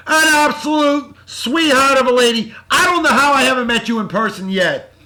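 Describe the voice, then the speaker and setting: Boisterous high-voiced New man. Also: moderate pace. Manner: boisterous, hyped-up, shouty slang-laden praise. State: short on sleep. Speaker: vlog host. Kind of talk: casual beer-tasting vlog with shout-outs.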